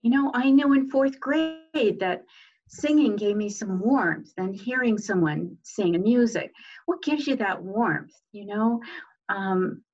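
Woman guest, earnest and unhurried, on lo-fi audio; inspirational talk with fillers. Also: mid-range voice, darkish tone. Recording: dull lo-fi sound.

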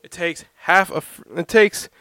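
A young man from Oklahoma hosting his own podcast at home, telling a rambling, animated story in casual chat and breaking off to scold his dog. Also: high voice, measured pace, clear, resonant tone, no echo. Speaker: podcast host.

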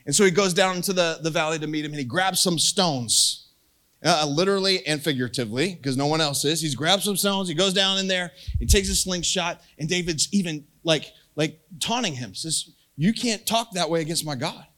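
A man with a high, bright voice preaching in a casual, storytelling way. He jokes with the crowd and jumps into quoted lines with a lift in pitch. The delivery is lively and conversational rather than formal. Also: brisk. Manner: animated, jokey, acts out quotes with rising pitch. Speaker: pastor.

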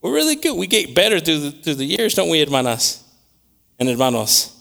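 Guy preaching, kinda high pitched, bright edgy voice, gets loud then drops to murmurs. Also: moderate pace, creaky. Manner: animated, swings between loud reading and quiet asides; repeats words while searching for them. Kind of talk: sermon with Bible reading.

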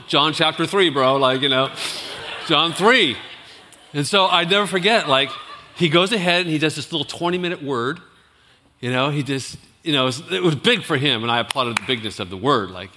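A man who is a youth pastor, telling a story in a sermon, animated and rambling, with restarts and laughs. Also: medium pitch, long reverb tail.

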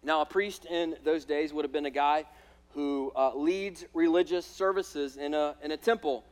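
A man's voice: a little high, fairly even intonation, normal speed. A male pastor preaching a sermon to a congregation in a church. He talks emphatically, repeats words, and checks in with "listen" and "right?".

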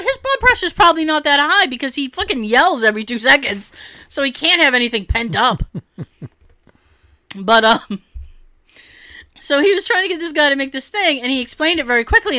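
Bright, lively woman chatting. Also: sits high, fairly quick, no echo, studio quality. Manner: animated, laughs often, swears freely. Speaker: podcast co-host. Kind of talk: casual chat.

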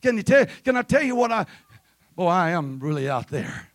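A man preaching a sermon in church, calling out for amens and rising to shouted peaks. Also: high-pitched, very animated, moderate pace, no room sound, clean studio sound. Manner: rises to shouted peaks, calls for amen. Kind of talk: Pentecostal sermon. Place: church sanctuary.

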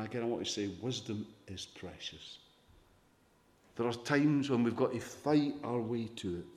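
A pastor preaching a sermon, earnest, swelling for emphasis and dropping soft. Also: male voice, medium pitch. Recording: echoey hall reverb.

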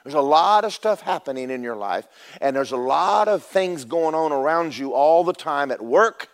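Male pastor, storytelling sermon, shifts between raised and quiet delivery, preaching in a church. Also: on the high side, expressive, normal speed. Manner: storytelling preacher, swings from loud to hushed. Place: church sanctuary.

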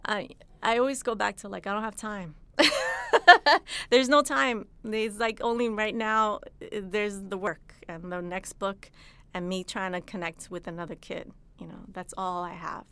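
A middle-aged woman author talks about her novel and then reads from it aloud. Her voice is smooth and clear, set at a mid pitch for a woman. Her delivery is plain and unhurried throughout. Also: animated, fairly bright tone.

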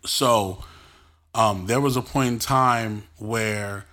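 A man hosting his own podcast, telling personal stories in an animated, expressive way and using casual street slang. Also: fairly low pitch, slow. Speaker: podcast host. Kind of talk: casual solo podcast storytelling.

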